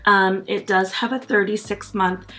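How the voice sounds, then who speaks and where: A woman's voice: medium pitch, fairly even intonation, unhurried, bright, forceful tone. A woman vlogger chatting casually and enthusiastically while reviewing makeup, with frequent ums and little laughs. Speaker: beauty vlogger.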